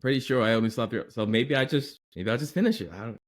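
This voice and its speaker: A man co-hosts a laid-back podcast, teasing and easygoing. His pitch rises and falls with a lot of movement, though it sits at an ordinary middle level overall. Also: lively intonation, fast talker. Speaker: podcast co-host. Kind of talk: casual chat.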